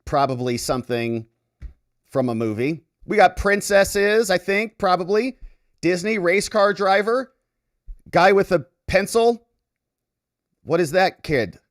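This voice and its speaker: A man hosting a casual commentary, talking loosely and cracking jokes over clips. His voice rides fairly high and swings with animated intonation. The sound is dry and close, with faint music underneath. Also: a little slow, pauses often, dry recording. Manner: animated, chatty, jokey asides. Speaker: lawyer commentator, host.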